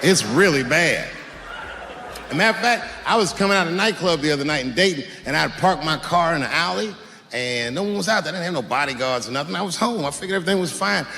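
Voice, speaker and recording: A male stand-up comedian telling stories on a handheld mic, swinging into loud acted-out outbursts, live in a large arena with the audience laughing. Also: a little high, animated, fast talker, creaky, long reverb tail, slight background noise. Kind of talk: stand-up routine. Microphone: handheld stage mic. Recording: live arena with roaring crowd.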